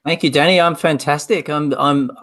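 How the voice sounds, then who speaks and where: A man's voice: fairly high pitch, steady tone, moderate pace, fairly bright tone. A man from Australia co-hosting a casual livestream, upbeat and self-deprecating. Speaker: co-host, guest.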